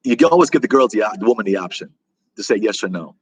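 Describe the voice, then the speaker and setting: A middle-aged American man with a lowish, husky voice talks rapid-fire and expressively in a dry but poor-quality recording. Hosting a casual live chat, he rambles, repeats himself, and answers viewer comments as they come in.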